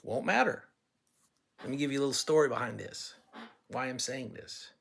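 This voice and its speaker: A man with an ordinary, mid-height voice talks straight to the listener. He pitches himself in a blunt, folksy manner and slips into storytelling to make his case. His delivery is casual and conversational. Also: fairly even intonation, brisk, gravelly, slight background noise. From California. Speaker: political candidate. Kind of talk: campaign talk to listeners.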